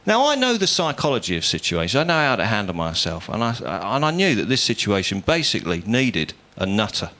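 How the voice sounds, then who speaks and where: A man's voice: lowish voice, wildly swooping pitch, brisk, few pauses. A man from England, doing a stand-up routine on a comedy club stage, telling a story in a dry, self-mocking way. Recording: live club with loud audience laughter.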